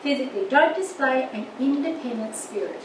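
An older woman with a high voice teaches a church marriage course, earnest and full of anecdotes. She sounds far from the mic in an echoey room with steady background noise. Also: brisk. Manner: earnest, with lively anecdotes and acted quotes.

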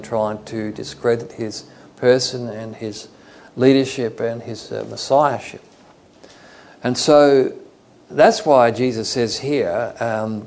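A man from Australia leads an evening Bible study, talking it through in a relaxed, conversational manner. His voice has a gravelly edge, and he drifts off on small asides before coming back to the passage. He speaks at an ordinary middle pitch. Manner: conversational, digressive, with fillers. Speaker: preacher.

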